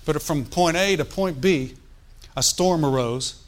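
A man's voice: fairly high pitch, unhurried. A man preaching a sermon in a conversational, folksy way, with joking asides and calls for the congregation to answer. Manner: asks the congregation for responses.

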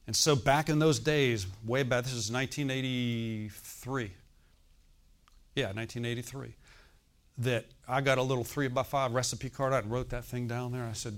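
A pastor in his sixties giving a sermon, telling a scripture story with animated acted-out dialogue and dropping into quiet, confiding asides. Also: normal speed. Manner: animated storytelling, acting out quoted dialogue with rising pitch and volume. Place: church.

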